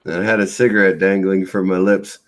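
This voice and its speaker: Male guest, middle-aged, very deep voice, calm relaxed storyteller. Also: brisk. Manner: calm, laughs while telling his story. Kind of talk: casual chat, telling a story.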